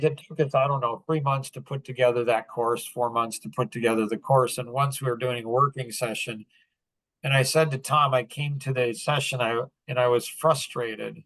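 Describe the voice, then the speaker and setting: A man's voice: mid-range voice, bright, forceful tone, no room sound, poor audio. A man coaching a group call in a loose, wandering way, with many fillers and restarts. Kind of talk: rambling casual teaching.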